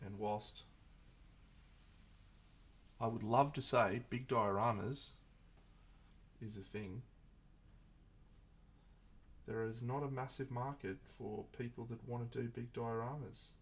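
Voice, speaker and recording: A man with a gravelly, creaky voice talks through his thoughts in a relaxed live-stream chat. He rambles and restarts his sentences as he thinks aloud, with a faint hiss of noise behind him. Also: mid-range voice, slow, long pauses. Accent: Australian. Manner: reflective, rambling, frequent restarts. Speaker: streamer painting miniatures.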